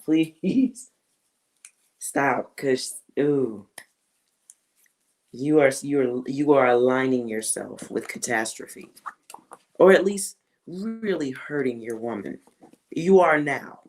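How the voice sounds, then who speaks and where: A woman doing a live tarot reading for a viewer. She speaks slowly and lets her words stretch out, blunt and full of slang. She laughs often and jumps between loud outbursts and near-whispered asides. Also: a bass voice, slight background noise, low-quality recording. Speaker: tarot reader.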